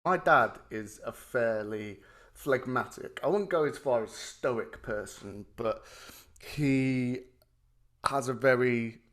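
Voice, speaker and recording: A man talks film on a podcast in a loose, excitable way, with a voice that sits in the middle of the male range. He rambles through his stories with lots of "like" and a casual swear here and there. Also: mid-range voice, takes it slowly. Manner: animated, swearing, enthusiastic storytelling. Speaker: podcast co-host. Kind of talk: casual chat.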